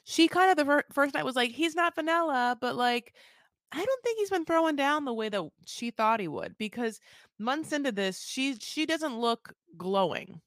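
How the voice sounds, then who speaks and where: A woman co-hosting a casual recap podcast, gossipy and crude, acting out quotes with animated swings. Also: high voice, moderate pace, dry recording, studio quality. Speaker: podcast co-host.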